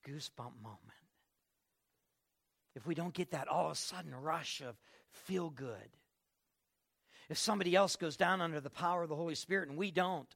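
Middle-aged man, pastor delivering a sermon, gravelly, slightly high voice, emphatic with loud swells. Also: moderate pace, pauses often. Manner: emphatic, swings from quiet to loud.

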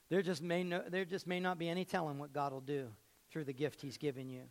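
A man preaching a sermon as pastor, telling stories and repeating phrases, swinging between loud and hushed. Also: a little high, little pitch movement, moderate pace.

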